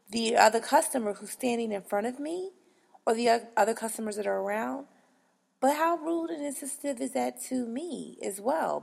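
A woman's voice: fairly high pitch, gravelly, darkish tone, big-room sound. A woman hosting a casual monologue in a blunt, frank, exasperated way, with profanity. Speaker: podcast host.

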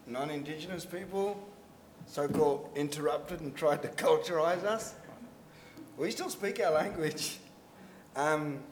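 A man's voice: fairly high pitch, a little mellow, slight background noise. A man with an Australian accent, speaking bluntly and emphatically on a forum panel, telling stories with dry humor. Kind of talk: panel discussion. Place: lecture hall at a public forum. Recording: reverberant lecture hall.

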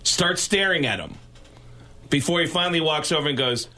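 A man, a guest comedian, telling a backstage story on a radio show and acting out the characters' lines. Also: quick pace. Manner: lively, acts out characters' lines with big pitch jumps.

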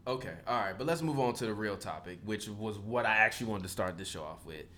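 A man co-hosting a casual sports podcast, ranting in an animated, slangy way. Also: fairly low pitch, fast talker. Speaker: podcast co-host.

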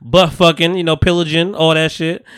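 Bright, animated man telling a story. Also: a little high, moderate pace, clean tone. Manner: animated storytelling, acts out characters, laughs a lot. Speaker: podcast host. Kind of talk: casual chat recapping a TV episode.

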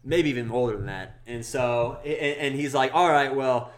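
A man's voice: a little fast, slight background noise. A young man on a podcast, telling a story casually and acting out the people in it. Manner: animated, acts out quoted people in a high voice. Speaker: podcast co-host.

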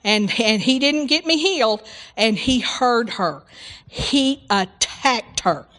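A woman's voice: on the high side, slow pace, in a large hall. A woman preaching a sermon, retelling a story and acting out the voices in it. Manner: animated storytelling, acts out voices in quotes.

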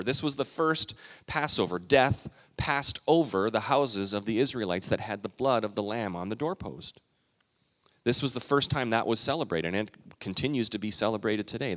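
A man preaching a sermon, retelling a story in a lively way and acting out the quotes. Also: medium pitch. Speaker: pastor. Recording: long reverb of a large hall.

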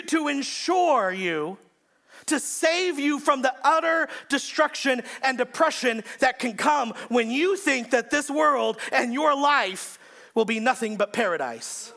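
A male pastor preaching a sermon in an emphatic style, repeating phrases and swinging between shouts and hushed lines. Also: extremely high pitch, animated, takes it slowly, vocal fry.

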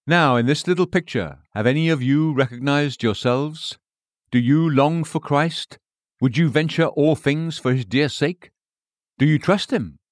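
A man reading an old sermon aloud in a measured, solemn way. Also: a little high, no room sound, studio quality. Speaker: preacher.

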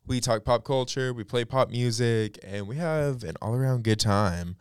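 A man's voice: mid-range voice, normal speed, smooth, no echo, studio quality. A young man hosting a casual pop culture podcast alone, chatty and blunt, with lots of fillers and some swearing. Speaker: podcast and radio host.

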